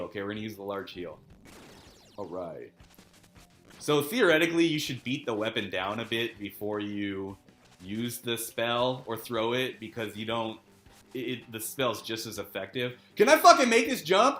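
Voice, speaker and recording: A man live-streaming a game, chatting casually, laughing often, swearing and shouting at tough jumps. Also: on the low side, normal speed, roomy sound, faint music behind. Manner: swears a lot, laughs often, loud outbursts while playing. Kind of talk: casual gaming stream chat.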